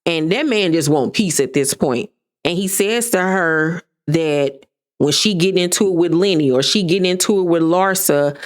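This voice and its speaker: A woman in her thirties giving a sassy, gossipy casual recap of a reality show, sometimes mimicking the cast. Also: low-pitched. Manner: sassy, gossipy, animated impressions of cast members.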